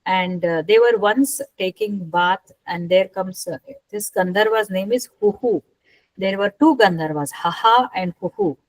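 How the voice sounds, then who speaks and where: A woman retelling a scripture story as a talk, unhurried and asking her listeners rhetorical questions. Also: medium pitch, dry recording, rough recording.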